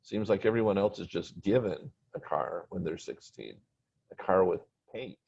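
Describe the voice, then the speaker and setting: A man's voice: deep voice, lively intonation, moderate pace, vocal fry, a little mellow, breathy edge, full character voice. A man voicing a frustrated sixteen-year-old boy who talks in pleading, whiny complaints. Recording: dull lo-fi recording.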